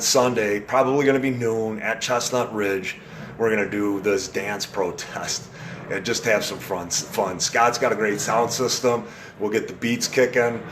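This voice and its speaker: A man's voice: on the low side, a bit bright, slight background noise. A man hosting a casual live video chat, talking in an earnest, rambling way with frequent restarts. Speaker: live-stream host.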